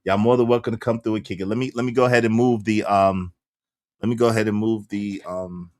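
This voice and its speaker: A man hosting a casual reaction livestream, loud and slangy, laughing often. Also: lowish voice, fairly even intonation, quick pace, dry recording. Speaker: livestream commentary host.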